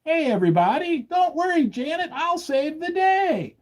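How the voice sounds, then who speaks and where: A male performer voices a cheery, overconfident central banker who promises to save the day, pitching his voice extremely high, well above his own natural register. The delivery is breezy, with lively intonation at a moderate pace.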